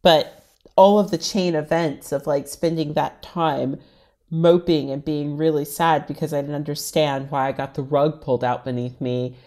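A woman from the Washington, D.C. area speaks as a guest in an interview, in a slightly low voice. She talks openly and casually about her own life and fills her sentences with "like.". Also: steady tone, moderate pace, a little mellow. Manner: frank, chatty, heavy use of "like". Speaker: interview guest, writer and stylist. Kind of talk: candid personal interview conversation.

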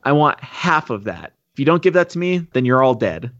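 A man's voice: medium pitch, sing-song, a little fast, a bit bright, lo-fi sound. A man voicing a blunt, menacing male gang boss making threats on the phone. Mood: threatening.

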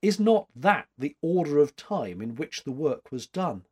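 A brisk, imperious old woman critic fires off curt questions, put on by a man reading a storybook aloud. Her lines swing lively and high, with a husky grain to the voice. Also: full character voice. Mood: brisk commanding. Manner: curt, commanding, searching questions. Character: sharp, imperious elderly woman art critic.

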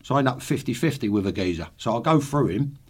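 A man's voice: medium pitch, expressive, fast, a little mellow, breathy edge. A man in his sixties, a podcast guest, telling swearing football anecdotes with laughs. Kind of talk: casual storytelling.

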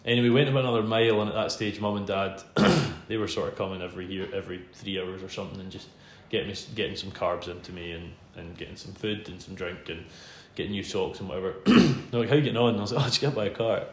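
Man, scottish accent, low-pitched, chatty self-deprecating storyteller, echoey room. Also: fast talker, few pauses. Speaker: podcast host interviewed as guest. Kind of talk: casual storytelling in a podcast interview. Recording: roomy room sound with faint background hum.

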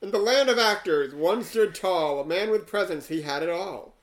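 A man co-hosting a casual podcast, reading a rhyming poem aloud in a dry, deadpan way. His voice sits a little high for a man, and he breaks off now and then for wry asides. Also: moderate pace, rough recording. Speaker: podcast co-host.

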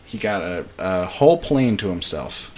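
A young man chats into a podcast mic with a lowish voice that swings widely in pitch. He rambles and jokes through a loose film recap, full of fillers. A faint hiss sits under the recording. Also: sing-song, moderate pace, creaky. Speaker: podcast co-host. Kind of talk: casual chat recapping a film.

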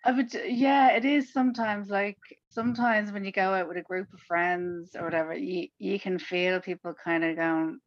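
A woman's voice: mid-range voice, moderate pace, few pauses, no echo, muffled recording. A woman with an Irish accent, a comedian chatting casually in an interview and acting out the people in her stories. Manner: lively storytelling, acts out the people she quotes. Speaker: comedian guest.

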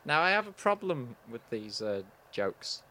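A man hosting a casual comedy chat, delivering cracker jokes in a dry, deadpan way. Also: mid-range voice, unhurried.

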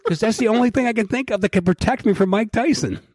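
A man's voice: sits high, fast talker, husky, no room sound, studio quality. A man hosting a podcast, talking in casual, profane banter and acting out quoted lines. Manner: animated, profane, acts out quotes. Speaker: podcast host.

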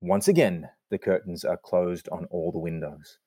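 A man with a fairly low voice who hosts a playful chat and reads scene directions aloud. He teases in a dry, joking way. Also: normal speed, mellow, slightly rough, dry recording. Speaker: host and narrator.

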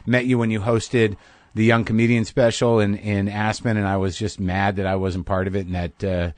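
Low-voiced, conversational podcast host, man. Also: little pitch movement, darkish tone, dry recording. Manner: conversational, self-deprecating, quick asides. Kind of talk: casual interview chat.

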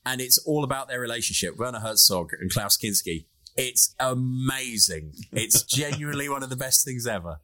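A man co-hosting a casual podcast chat, enthusiastic and animated, acting out quotes as he tells stories. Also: medium pitch, moderate pace. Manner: enthusiastic, animated storyteller who acts out quotes. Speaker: podcast co-host.

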